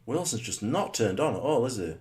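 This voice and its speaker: This man's voice sits at a medium pitch and moves briskly. He's calling his own football match as it happens, muttering questions to no one and suddenly yelling with excitement.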